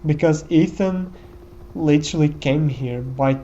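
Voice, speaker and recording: A man's voice: on the high side, measured pace, dark tone, muffled recording, a little hiss or hum. A man giving casual gameplay commentary in a reflective, musing way, often tagging his thoughts with "you know.".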